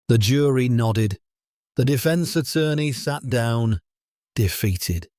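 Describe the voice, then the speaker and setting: A man narrating a scripted drama story in a steady, solemn way. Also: medium pitch, takes it slowly, dry recording, studio quality.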